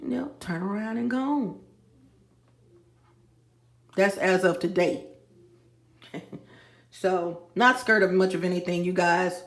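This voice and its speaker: A woman's voice: lowish voice, takes it slowly, long pauses. A woman vlogging in a casual monologue, talking emphatically straight to her viewers and repeating her points. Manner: emphatic, repeats phrases, addresses viewers as y'all. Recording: echoey room.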